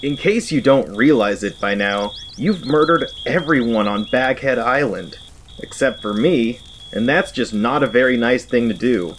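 Woman doing a chill hippie radio DJ girl, all far-out slang, lively voice. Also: rumbling low, measured pace, slight background noise. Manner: groovy hippie slang, drawling.

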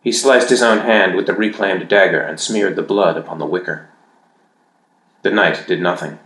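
A man with a fairly low voice reads a fantasy story aloud, measured and even. His voice carries a noticeable roominess, as if read in an echoey space. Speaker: audiobook narrator. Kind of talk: fantasy audiobook narration.

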